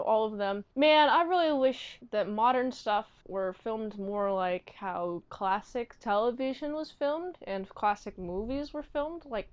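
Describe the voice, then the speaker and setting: A woman giving a casual recap and review of a TV episode, chatty and animated, often slipping into quick impressions of the characters. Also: on the high side, clean tone. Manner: animated retelling, acting out characters' lines; chatty, peppered with "like".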